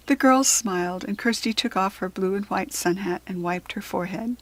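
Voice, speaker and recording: An American woman reading a children's storybook aloud with clear, expressive storytelling. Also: mid-range voice, moderate pace, hardly any pauses, no echo. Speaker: children's book reader.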